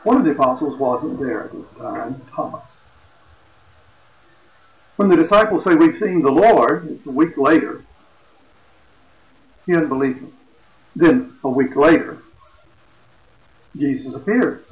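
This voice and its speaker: A man retelling a Bible story as a lesson, in a plain storytelling voice that goes quiet for quoted speech. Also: fairly high pitch, lively intonation, unhurried, long pauses. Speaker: Bible teacher. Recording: echoey, dull lo-fi room.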